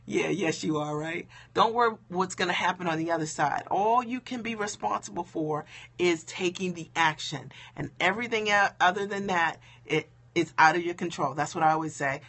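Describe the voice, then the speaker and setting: A woman business coach talking to viewers on a live stream, emphatic and conversational, checking in with "okay?" and "right?", a bit low-key because it is late. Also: sharp tone, husky. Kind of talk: motivational live stream talk.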